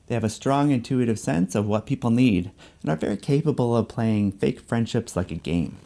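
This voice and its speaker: A man giving measured, scripted narration for an explanatory video essay. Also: medium pitch, creaky, mellow.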